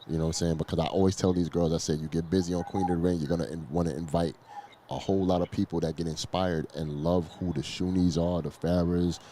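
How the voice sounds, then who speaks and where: Deep-voiced man, rambling host, repeats words, faint hiss behind. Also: steady tone, fast. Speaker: battle rap league host. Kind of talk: casual interview chat.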